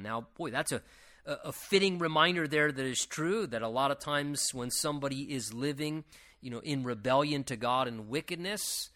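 Male Bible teacher, mid-pitched and bright, verse-by-verse commentary. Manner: reads scripture slowly, then explains in loose conversational asides.

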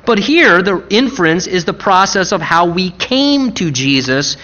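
A man preaching a sermon, with emphatic repetition, slowing down for stress and rushing through quick asides. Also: high-pitched, sing-song, bright, forceful tone, dull audio. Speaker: pastor.

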